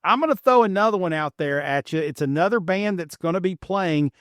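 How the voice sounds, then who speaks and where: A middle-aged man from Appalachian Kentucky with a light Kentucky twang, hosting a podcast in a relaxed, rambling, self-deprecating way. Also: sits high, a little fast, no room sound, studio quality. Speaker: podcast host. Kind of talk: casual podcast chat.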